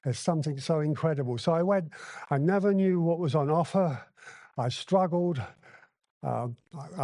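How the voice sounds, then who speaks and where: Male convention speaker, slightly high pitch, dry close sound, candid anecdotal delivery. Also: mellow, dry recording. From Hong Kong. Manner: blunt, candid storytelling with acted-out dialogue. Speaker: recovery meeting speaker. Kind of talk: personal recovery share at a convention. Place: convention hall.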